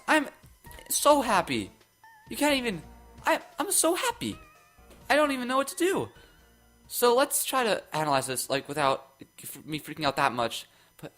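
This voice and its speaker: A young man casually commenting on game news, rambling and excitable, often restarting his sentences into his own microphone. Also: high voice. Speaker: gaming YouTuber. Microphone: own desk microphone.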